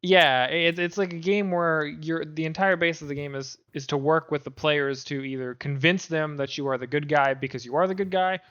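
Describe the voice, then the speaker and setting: Flat-toned man rambling on a podcast. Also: fairly high pitch, moderate pace, few pauses, clear, resonant tone, highs cut off. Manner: rambling, many fillers and restarts. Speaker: podcast co-host. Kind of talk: casual chat.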